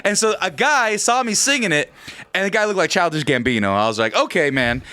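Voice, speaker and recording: Lively high-voiced man telling a story. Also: a little fast, no room sound. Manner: animated, acts out voices in anecdotes, laughs often. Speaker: podcast co-host. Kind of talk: casual storytelling.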